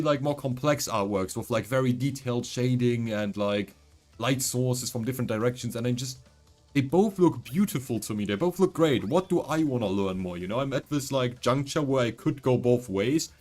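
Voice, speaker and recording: A man with a medium-pitched, slightly mellow voice streams a game, speaking at a moderate pace and sounding animated, with soft music in the background. English isn't his first language; he chats casually and thinks aloud, rambling with lots of fillers.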